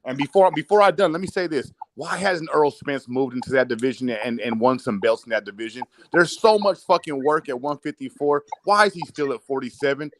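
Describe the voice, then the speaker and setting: A man's voice: mid-range voice, brisk, few pauses. A man hosting a casual chat, giving blunt opinions with casual swearing.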